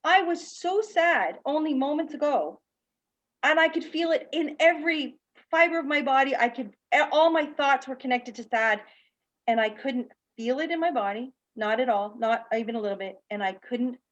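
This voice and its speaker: A woman's voice: on the high side, normal speed, dull audio. A woman on a video call, telling her personal story candidly and acting out the people in it, as a guest speaker and teacher. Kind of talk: personal story told in a panel talk.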